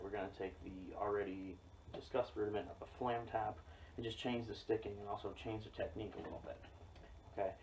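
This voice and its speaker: A man teaching a drum rudiment in a relaxed, explanatory way, often checking in with "okay?". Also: fairly low pitch. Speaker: drum instructor. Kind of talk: casual instructional demo. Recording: distant mic with loud noise and drum clicks.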